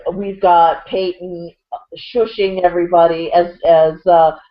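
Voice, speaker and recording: Female co-host, casual sports banter, rambling, lower register. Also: flat delivery, measured pace. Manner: chatty, rambling, lots of fillers and restarts. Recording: dull lo-fi audio.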